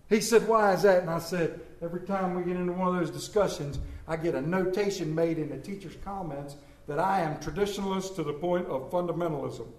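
A man's voice: sits high, echoey room. A man preaching a folksy sermon, telling homespun stories and reading scripture dramatically.

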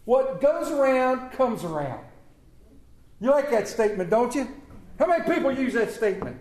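Male preacher, higher voice, emphatic storytelling sermon, echoey church room. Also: big pitch swings, normal speed, darkish tone, a little hiss or hum. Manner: emphatic, storytelling with calls to the congregation.

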